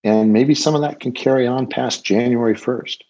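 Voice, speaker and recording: An older man, a guest author, talking in a gentle, reflective way about faith in a casual conversation. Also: medium pitch, moderate pace, muffled recording.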